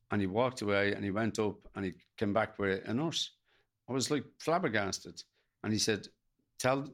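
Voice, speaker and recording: A middle-aged Irish man, a podcast guest, telling an emotional personal story in a halting way, acting out what others said to him. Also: on the low side, fairly bright tone. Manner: gravelly, halting, retells dialogue in quotes.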